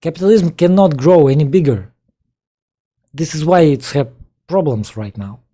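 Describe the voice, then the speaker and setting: A political commentator, a native Russian speaker with a Russian accent, reacts to a video being played and fires off exasperated rhetorical questions in broken English. His voice is on the high side, animated, with a dark tone and moderate pace.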